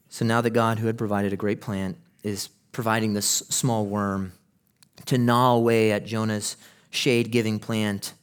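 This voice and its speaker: A man preaching a sermon, emphatic, moving from hushed passages to loud ones and asking rhetorical questions. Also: on the low side, steady tone, normal speed, smooth. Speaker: pastor.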